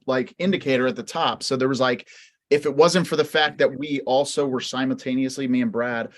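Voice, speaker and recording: A man co-hosting a live Q&A over a video call, chatting casually with many fillers and motivational asides. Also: medium pitch. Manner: talkative, lots of "like", motivational. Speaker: co-host of live Q&A. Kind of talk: casual live-stream chat.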